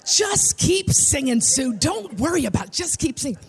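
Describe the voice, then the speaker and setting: A woman mimicking a calm male pastor. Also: high-pitched, moderate pace, very noisy. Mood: reassuring. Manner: soothing, repetitive reassurance.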